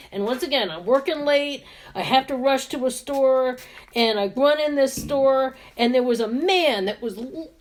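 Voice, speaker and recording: A woman in her fifties chatting casually and laughing often while she does her makeup on camera. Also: on the high side. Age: 50s. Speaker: beauty vlogger and sales representative.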